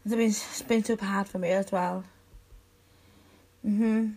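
A young woman in a one-sided audio role-play, speaking softly and intimately to the listener as her best friend, with sighs and giggles. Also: medium pitch, fairly even intonation, unhurried.

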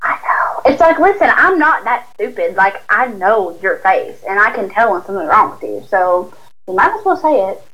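A woman's voice: mid-range voice, very animated, moderate pace, a bit bright, rough recording. Blunt young woman. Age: early 20s. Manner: blunt, swears freely. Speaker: podcast co-host. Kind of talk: casual chat.

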